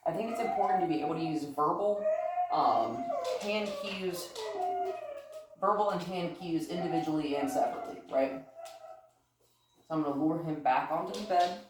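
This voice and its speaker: A woman's voice: low voice, moderate pace, pauses often, very noisy. A woman dog trainer giving a casual demonstration at home, chatty and upbeat, often praising the dog. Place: living room at home with a couch. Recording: echoey room from far off.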